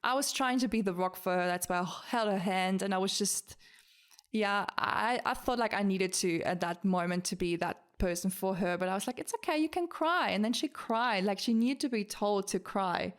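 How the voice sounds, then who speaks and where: A woman's voice: medium pitch, normal speed, smooth. A woman co-hosting a podcast, telling personal stories in a reassuring manner. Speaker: podcast co-host. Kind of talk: casual chat.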